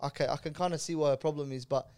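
A man in casual podcast chat, animated and repeating himself with stammering restarts. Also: a little high, rapid-fire, dry recording. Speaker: podcast co-host.

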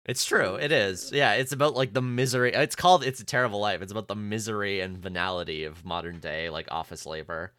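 Deep-voiced man, co-host, casual and hesitant, dry close sound. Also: fairly bright tone, clean tone, no room sound. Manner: hesitant, many fillers, drawn-out and musing. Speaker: podcast co-host. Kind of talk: casual chat.

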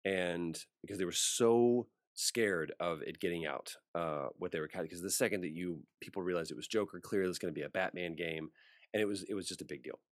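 A man's voice: low voice, brisk, no room sound, studio quality. A male voice actor in an interview, telling a story casually and acting out the voices of the people in it. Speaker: voice actor guest.

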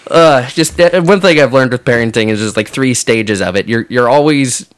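A man's voice: medium pitch, moderate pace, clear, resonant tone. A man, a father with young kids, telling a funny story on a podcast, laughing through it and acting out the quotes. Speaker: podcast co-host. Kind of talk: casual chat.

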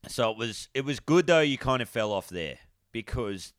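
A man's voice: mid-range voice, animated, moderate pace, dry recording, studio quality. An Australian man in a casual chat, laughing often and encouraging his mate. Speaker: podcast co-host.

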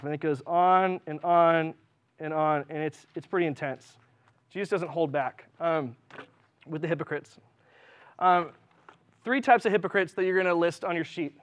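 High-voiced impassioned male preacher. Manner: impassioned, conversational with fillers. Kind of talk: sermon. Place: church.

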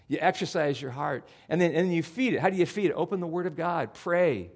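Male pastor, slightly high voice, chatty sermon delivery that acts out his inner voice. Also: normal speed, gravelly. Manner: conversational, animated, acts out his own inner voice.

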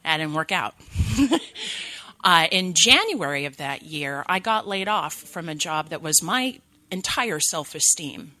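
Woman in her thirties, from California, recovery share. Low, sharp voice, candid and self-mocking. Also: animated, measured pace. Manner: candid, self-deprecating humor. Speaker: speaker at a recovery meeting. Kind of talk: personal recovery testimony.

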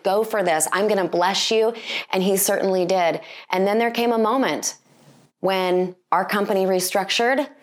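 Woman in her 40s preaching, chatty and earnest, asks lots of questions. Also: medium pitch. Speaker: speaker. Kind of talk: sermon.

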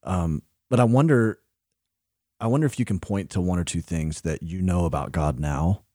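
A man with a low, mellow voice hosts a faith podcast interview. He affirms his guest often and asks gentle, searching questions. The sound is dry and close. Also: moderate pace, dry recording. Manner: affirming, repeats "wow". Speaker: podcast host.

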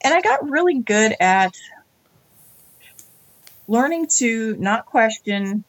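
A woman in her forties, an interview guest, telling her story in animated conversation and acting out the lines of others. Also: fairly high pitch, takes it slowly, no room sound.

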